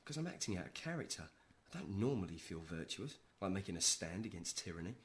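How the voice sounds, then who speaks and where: A man's voice: sits low, big pitch swings, fast talker. An actor with a British accent playing a scruffy, broke man who trades dry jibes with his brother in a sitcom. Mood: wry. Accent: British English. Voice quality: dry, wry. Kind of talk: sitcom acting.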